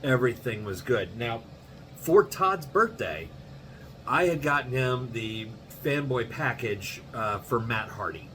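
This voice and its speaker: Podcast guy recapping the day, really slow and laid back, lots of ums, faint noise behind. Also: medium pitch, low-quality recording. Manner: relaxed, unhurried, filler-heavy. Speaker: podcast co-host. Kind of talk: casual recap.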